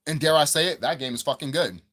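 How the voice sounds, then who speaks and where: Talking fast in a voice that's a little high and a bit bright, a male gaming commentator vents about video game pricing. It's a heated, foul-mouthed rant where he says the same things again as his momentum grows.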